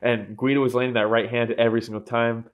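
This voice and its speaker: A young man co-hosting a fight podcast, talking excitedly, laughing often and swearing freely. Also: mid-range voice, fast, lo-fi sound. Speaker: podcast co-host. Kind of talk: casual chat.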